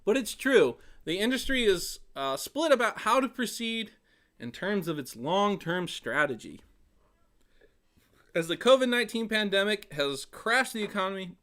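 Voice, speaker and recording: A man's voice: sits high, lively intonation, a little slow, fairly bright tone, clear, resonant tone. A man hosting a casual web show, rambling with sarcastic jokes and frequent laughter. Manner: joking, sarcastic asides, laughs often. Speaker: host of a songwriting web show.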